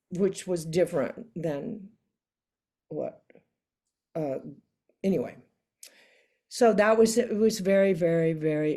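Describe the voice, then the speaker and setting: A woman guest in an interview, telling stories in a casual, animated way and acting out the people she quotes. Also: fairly low pitch. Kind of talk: casual storytelling in a sit-down interview.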